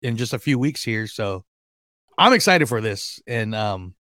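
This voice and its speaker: A man hosting a fan podcast in casual chat, excitable and rambling, with lots of fillers and restarts. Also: on the low side, measured pace, dry recording. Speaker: podcast host.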